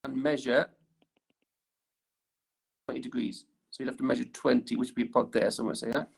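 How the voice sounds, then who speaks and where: A man's voice: medium pitch, fairly even intonation, brisk, gravelly, breathy edge. A male teacher giving an engineering lesson in a classroom. He talks while drawing on the board and keeps checking in with "right?" tag questions.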